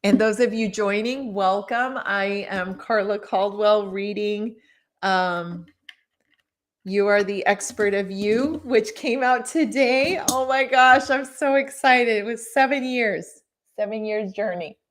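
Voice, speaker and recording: Slow, gushing woman reading live. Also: mid-range voice. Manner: warm, gushing, chats with viewers between passages. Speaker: author reading her book on a live stream. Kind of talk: live-streamed book reading with chat.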